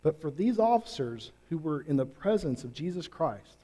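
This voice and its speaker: A man preaching a sermon, earnest and emphatic, with drawn-out pauses. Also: on the high side, very animated, mellow. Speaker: pastor.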